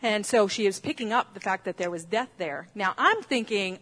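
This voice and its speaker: A woman's voice: mid-range voice, animated, moderate pace, fairly bright tone, husky. A woman who teaches on dreams, telling a story in a sermon in a chatty way, with restarts and laughs.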